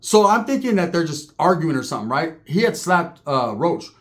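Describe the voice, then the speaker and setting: A man's voice: a little high, big pitch swings, a little fast. A man telling rambling, profane, joking stories in casual talk. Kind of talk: casual storytelling.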